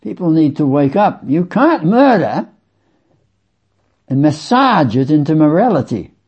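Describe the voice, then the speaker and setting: A man preaching a sermon slowly and with emphasis, repeating phrases for weight. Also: a little high, sing-song, darkish tone, slightly rough. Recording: dull lo-fi sound.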